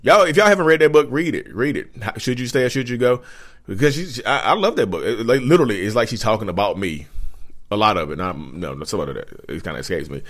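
Man, vlog host, casual advice, lively, repeats himself, says y'all. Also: fairly low pitch, quick pace. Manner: animated, repetitive, addresses viewers as y'all. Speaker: channel host.

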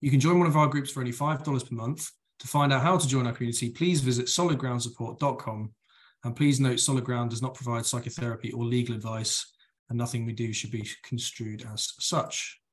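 A man's voice: medium pitch, fairly even intonation, fairly quick. A man co-hosting a live stream, reading the show's blurb in a professional, sober voice. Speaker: co-host.

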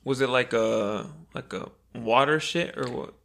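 A man's voice: medium pitch, measured pace, gravelly, fairly bright tone. A young man co-hosting a podcast in casual chat, teasing and asking blunt questions. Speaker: podcast co-host.

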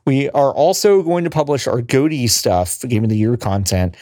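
A man's voice: mid-range voice, big pitch swings, moderate pace, warm tone, dry recording, clean studio sound. A man hosting a podcast, wrapping up the episode in a rambling, playful way with lots of fillers. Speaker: podcast host. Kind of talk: casual podcast sign-off chat.

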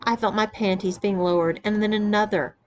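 A woman reading a first-person story aloud in an even, storytelling delivery. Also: mid-range voice, a little fast, lo-fi sound, a little hiss or hum. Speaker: narrator. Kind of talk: audiobook reading of an erotic memoir.

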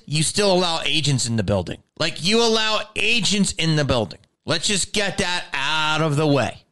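Middle-aged man, fairly high voice, foul-mouthed exasperated rant. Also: a bit bright, clean tone. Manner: swears constantly, exasperated, voice climbs when riled. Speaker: actor. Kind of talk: profane casual rant.

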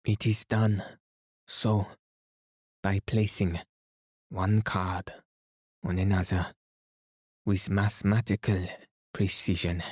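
A man voicing a fussy, excitable elderly detective in a bedtime storybook reading, speaking in halting jerks. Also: sits low, breathy edge, no echo, studio quality, exaggerated voice. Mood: placid. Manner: jerky, halting delivery.

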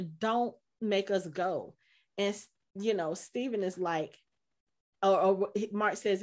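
A woman's voice: mid-range voice, takes it slowly. Woman animatedly recapping a TV episode. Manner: animated, acts out character quotes. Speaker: podcast co-host. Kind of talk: casual episode recap chat.

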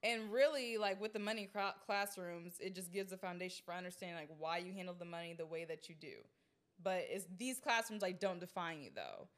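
A woman's voice: fairly low pitch, lively intonation, a little fast, fairly bright tone. A young woman co-hosting a casual podcast, talking loosely with lots of fillers and frequent giggles. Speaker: podcast co-host. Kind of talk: casual chat.

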